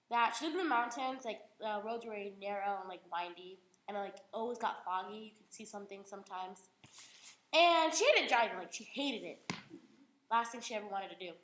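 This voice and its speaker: A teenage girl with a high, bright voice retells a story in an animated, giggly way. She acts out the voices and peppers her speech with "like." The recording has an echoey room and faint noise behind it. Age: teens. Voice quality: giggly, lots of "like". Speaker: young storyteller.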